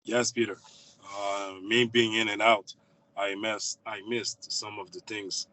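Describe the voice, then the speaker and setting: A man in a casual call chat, halting and trailing off quietly with many fillers. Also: fairly low pitch, flat delivery, low-quality recording.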